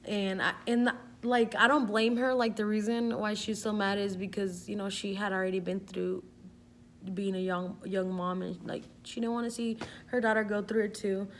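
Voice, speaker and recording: A woman's voice: medium pitch, steady tone, moderate pace. Young woman vlogger, casual storyteller, salty and rambling, everyday mid-range voice, light background hum. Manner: chatty, swears freely, fills with "like".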